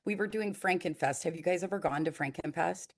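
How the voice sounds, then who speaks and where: Woman, forties, casual storytelling, low voice, fillers, emotional. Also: brisk. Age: 40s. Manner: animated, emotional, many fillers. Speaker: nonprofit founder.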